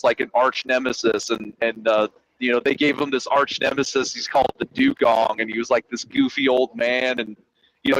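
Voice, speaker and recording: A man's voice: mid-range voice, a bit bright, slight background noise, low-quality recording. A man in a casual stream chat, animatedly retelling a cartoon with laughter and swearing.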